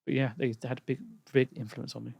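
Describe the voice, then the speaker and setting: A man speaking as a podcast guest, reflective and a bit hesitant, with frequent pauses and fillers. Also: mid-range voice, level tone, vocal fry, darkish tone, husky, no room sound, lo-fi sound. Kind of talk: casual interview conversation.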